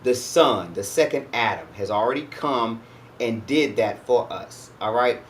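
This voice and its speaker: A man hosts his own talk, teaching about scripture in an easy, conversational way. He often checks in with his listeners as he goes. His voice sits in a middle pitch, with faint noise behind him. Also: expressive, unhurried. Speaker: host. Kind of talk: casual religious teaching monologue.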